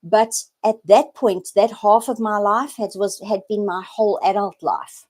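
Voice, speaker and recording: A woman's voice: a little high, a little mellow. A woman in her forties telling a personal story on an unscripted live video, earnest and reflective, often restarting and repeating words. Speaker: spiritual vlogger sharing a personal story.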